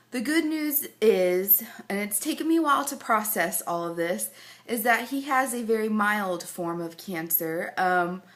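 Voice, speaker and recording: A woman's voice: medium pitch, a bit bright. A pregnant woman giving a rambling, casual update to camera, full of fillers and close to tears at times. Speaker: vlogger.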